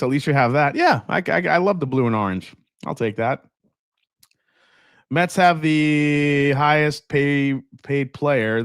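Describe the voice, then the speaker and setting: A man's voice: mid-range voice, clear, resonant tone, no echo, studio quality. A man hosting a casual live stream, chatting loosely and laughing as he reads viewer comments aloud. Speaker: whiskey livestream host.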